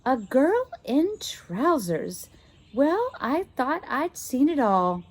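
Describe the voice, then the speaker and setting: A woman voicing a gentle, proper governess from an old-fashioned storybook, speaking slowly and genteelly. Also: sits high, big pitch swings, pitched above the performer's own voice, exaggerated voice. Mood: astonished.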